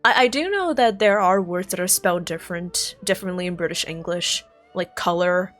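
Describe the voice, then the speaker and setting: A woman's voice: on the low side, normal speed, a bit bright, faint music behind. An American woman streaming live, chatting casually and thinking aloud, often stopping to correct herself. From United States.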